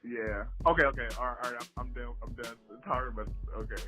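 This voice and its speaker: A man co-hosting a casual chat, excitable and quick to laugh. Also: mid-range voice, faint music behind. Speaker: co-host.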